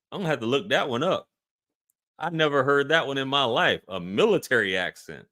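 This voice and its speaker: A man's voice: very animated, normal speed, pushed and bright. A man hosting a live question-and-answer stream, reading chat comments and repeating questions back in disbelief. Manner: incredulous, repeats questions with rising pitch. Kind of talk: casual live Q&A reacting to chat.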